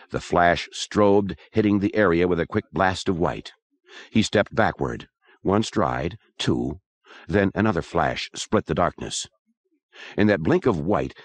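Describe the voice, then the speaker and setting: Deep-voiced man narrating an audiobook.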